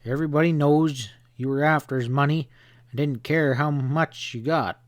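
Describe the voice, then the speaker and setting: A man voicing a hot-tempered middle-aged hotel owner in a western audiobook, gruff and blustering. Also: on the high side, normal speed, no room sound, close to an everyday voice. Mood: contemptuous.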